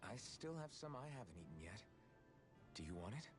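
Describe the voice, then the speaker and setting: A man's voice: fairly low pitch, big pitch swings, brisk, over loud music. A man voicing an earnest, blunt young adventurer in a dubbed video game cutscene, plain-spoken and direct.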